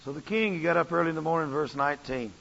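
A man's voice: a little high, racing, vocal fry, fairly bright tone. A man preaching a sermon as pastor, with an impassioned, repetitive cadence. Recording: dull audio with long church reverb.

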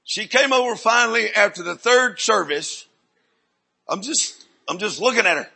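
An older man, preaching in a rambling, folksy storytelling sermon with sudden shouts. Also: sits high, lively intonation, normal speed, gravelly, slightly rough.

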